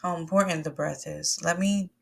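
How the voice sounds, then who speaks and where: Gravelly-voiced woman coaching breathwork. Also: fairly low pitch, fairly even intonation, moderate pace. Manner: encouraging, conversational, addresses listeners as "my loves" and "y'all". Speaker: somatic wellness coach. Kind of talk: guided breathwork lesson.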